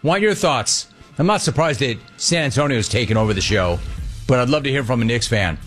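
Animated sports radio host man. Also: mid-range voice, fast, soft background music. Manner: animated, playful, mocks callers' voices.

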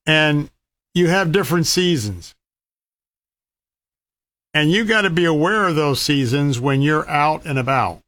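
A man's voice: a little high, measured pace, long pauses, fairly bright tone, no echo. A man telling an outdoor story in a folksy, casual way and giving emphatic safety warnings with repeated words. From Florida.

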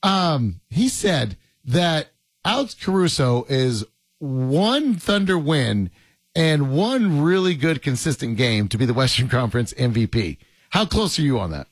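A man's voice: medium pitch, big pitch swings, unhurried, breathy edge, no room sound. A man hosting a sports radio show in casual banter, joking and rambling with frequent laughs.

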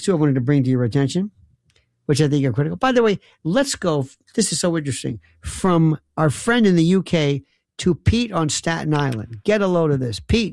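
A man's voice: a little high, gravelly, darkish tone, no room sound, studio quality. A man hosting a late-night call-in radio show, teasing callers in a rambling, mock-bewildered way. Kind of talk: bantering call-in radio talk.

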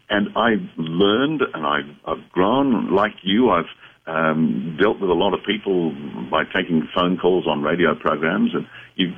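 A very low-pitched man with a husky voice answers callers on a late-night radio show. He explains things in an unhurried, reflective way. The sound comes through a thin, phone-like radio band. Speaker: radio show guest, psychic medium. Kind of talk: call-in radio conversation.

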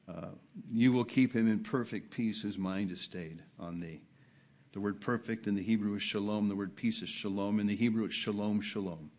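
A male pastor giving a sermon, with many hesitations and repeated words, moving from quiet, low asides to loud, high emphatic peaks.

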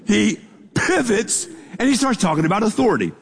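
A man's voice: sits high, big pitch swings, brisk, gravelly, husky. A man preaching a sermon as pastor, talking in a casual, conversational way with repetitions and asides to the congregation, recorded in a church sanctuary. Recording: long hall reverb from a large room.

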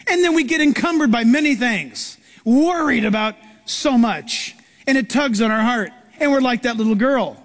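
A man's voice: very high voice, moderate pace. A man preaching as a pastor, telling stories animatedly and acting out the voices of people in them. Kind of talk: sermon. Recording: live sermon in a reverberant hall.

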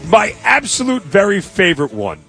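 A man's voice: sits high, huge pitch swings, moderate pace, gravelly, bright, forceful tone, soft background music. A man co-hosting a sports radio show, telling stories casually and checking for agreement as he goes. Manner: storytelling, asks for agreement with "right?". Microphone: studio microphone.

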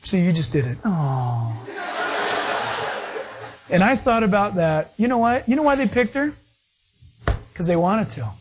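A middle-aged male pastor delivering a sermon, telling stories in an animated, playful way with asides. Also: high-pitched, a little slow, pauses often, background noise.

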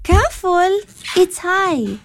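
Woman playing a brisk, sensible big sister, very high-pitched. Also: very animated, heavily acted. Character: practical, caring older sister. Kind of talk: audio drama acting.

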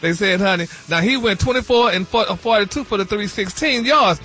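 A man's voice: sits high, moderate pace, pushed and bright. A man delivering celebrity gossip on a radio morning show in a flamboyant, sassy manner, calling everyone honey. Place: radio studio.

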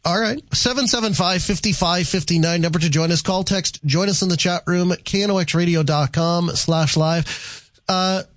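A man's voice: high-pitched, normal speed, a bit bright, dry recording. A man hosting a talk radio show in a casual, self-deprecating way, with stammered restarts now and then. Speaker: radio host.

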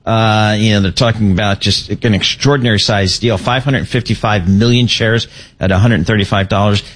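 A man co-hosting, chatting casually on air in a relaxed, agreeable way with plenty of fillers. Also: fairly low pitch, normal speed. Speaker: co-host.

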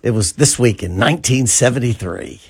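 A man in his sixties hosting a talk radio show, chatting and taking calls in an animated way. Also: medium pitch, normal speed, vocal fry, husky. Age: 60s. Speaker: radio host. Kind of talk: casual talk radio banter.

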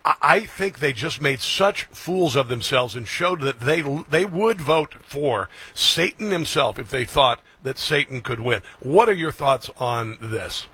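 Male talk radio host, bright and husky, emphatic. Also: mid-range voice, expressive, no echo. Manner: emphatic, quick agreeing interjections.

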